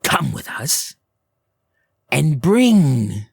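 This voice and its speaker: A man's voice: a little high, big pitch swings, very slow, creaky, darkish tone, husky, dry recording, studio quality, full character voice. A man voicing a sinister, hungry female hag who mocks and cackles in a sing-song way. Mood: taunting. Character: sinister hungry female hags, mocking and gleeful.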